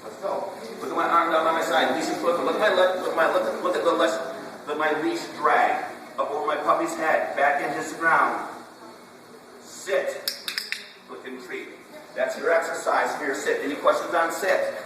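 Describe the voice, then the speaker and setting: A man with a slightly high voice runs a puppy class, firing quick questions and repeating commands like a drill. He is heard from far across a large hall with long, ringing echo and steady room noise. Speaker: dog trainer. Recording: echoey hall, distant camera, room noise.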